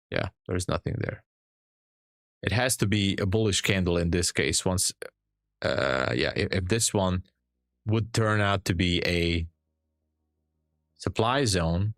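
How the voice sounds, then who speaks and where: Deep, unhurried Hungarian-accented man. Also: no echo, clean studio sound. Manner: chatty, answers viewers, explains charts calmly. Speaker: day trader streamer. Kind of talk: live-stream chat and trade commentary.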